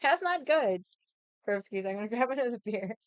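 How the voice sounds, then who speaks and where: This livestream host, a young adult woman, talks in a fairly high, animated, clear and resonant voice at normal speed. Her casual, frank chat is full of swearing and "like," captured in a dry recording.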